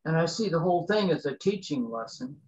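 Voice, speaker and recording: A man's voice: on the high side, expressive, brisk, darkish tone, lo-fi sound. A man in a casual group Bible study, earnestly explaining his view of the passage.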